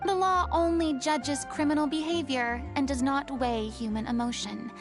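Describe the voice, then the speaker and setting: A woman's voice: sits high, steady tone, normal speed, over music. A woman voicing a dramatic young former stage diva in a video game, speaking in a flowery, theatrical way. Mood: reflective.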